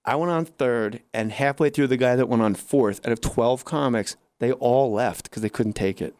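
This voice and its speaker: Male guest: lively raconteur who jumps into characters, close dry read. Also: mid-range voice, moderate pace, no room sound. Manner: animated, acts out quoted voices. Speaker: comedian guest. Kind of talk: casual storytelling.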